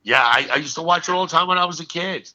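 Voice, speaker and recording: A man in his sixties, an actor guest, telling stories as an animated raconteur who punches his lines with "okay.". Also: fairly high pitch, quick pace. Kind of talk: storytelling in a casual interview. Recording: dull lo-fi recording.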